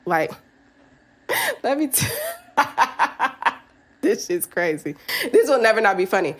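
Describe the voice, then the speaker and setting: This podcast host, a woman in her thirties, has a slightly high voice with huge pitch swings and a slow pace. She tells a personal story frankly, swearing plenty and laughing often.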